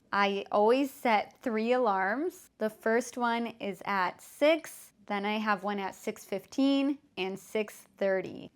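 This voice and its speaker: Slow-talking woman narrating her evening. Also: medium pitch. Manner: calm, unhurried storytelling. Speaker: English-teaching vlogger. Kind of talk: narrated daily vlog. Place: home in Korea.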